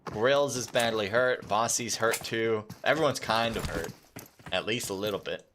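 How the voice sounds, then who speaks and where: A man doing live esports commentary on a mobile battle royale match, calm and explanatory, with loud excited bursts at big plays. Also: lowish voice, moderate pace, noisy background. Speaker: esports caster.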